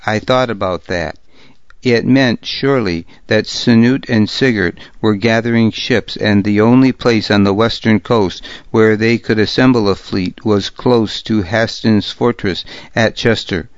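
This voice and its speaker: A man reading a historical novel aloud as a narrator, in a measured, steady way. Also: fairly low pitch, no room sound, lo-fi sound. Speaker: audiobook narrator. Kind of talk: scripted narration.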